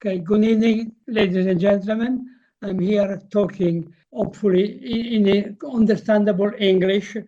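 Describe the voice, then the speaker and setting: An older man with a heavy Italian accent, giving a lecture over slides on a video call, halting and full of fillers. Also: sits high, steady tone, warm tone. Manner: halting, with frequent fillers and restarts. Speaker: guest presenter, motor historian. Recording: muffled video call audio.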